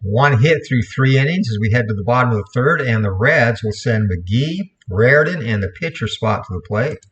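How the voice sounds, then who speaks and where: A man calling play-by-play for a replayed computer baseball game, in a steady voice, correcting himself now and then. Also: mid-range voice, moderate pace, muffled recording. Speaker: play-by-play commentator.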